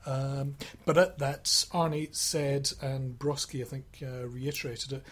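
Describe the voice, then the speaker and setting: A man's voice: mid-range voice, flat delivery, unhurried, husky. A man chatting on a radio football panel in an easygoing, rambling way with many fillers. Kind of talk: casual radio chat.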